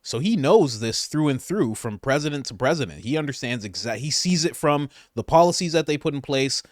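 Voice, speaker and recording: A man hosting political commentary over clips, sarcastic and animated, laughing often. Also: mid-range voice, fairly quick, dry recording, studio quality.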